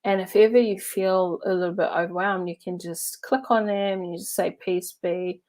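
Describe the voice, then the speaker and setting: A woman's voice: medium pitch, a little fast. A woman coach telling a story and teaching in a casual, chatty way, laughing now and then and using lots of fillers. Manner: chatty and animated, laughs while telling stories; loose, with many fillers like "uh" and "like". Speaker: NLP and hypnotherapy coach.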